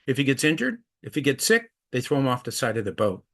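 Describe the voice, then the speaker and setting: A man's voice: medium pitch, big pitch swings, quick pace, a bit bright. A middle-aged man, an activist, giving an earnest storytelling presentation. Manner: earnest, acts out quoted voices in anecdotes. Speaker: anti-trafficking activist speaker.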